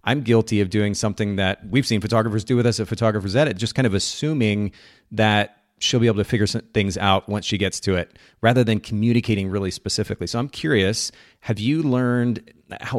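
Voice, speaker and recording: Fast-talking enthusiastic male podcast host. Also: fairly low pitch, no echo, studio quality. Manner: enthusiastic, warmly encouraging, laughs often. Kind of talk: podcast interview.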